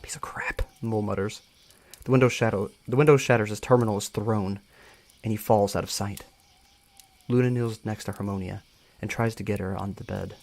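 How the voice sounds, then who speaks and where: Low-voiced man reading a story live. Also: steady tone, a little fast, vocal fry, darkish tone. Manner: casual, stumbles and rereads lines. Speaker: story reader.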